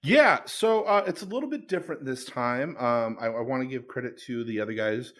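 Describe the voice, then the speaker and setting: A man's voice: mid-range voice, expressive, a little fast, a bit bright. A man co-hosting a podcast, retelling a comedy bit with amusement in casual chat. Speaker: podcast co-host.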